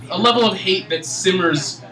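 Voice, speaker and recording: A young man from Michigan in his twenties doing a stand-up comedy set, ranting in an exasperated, animated way. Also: high-pitched, normal speed, faint music behind. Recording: echoey room, mic at a distance.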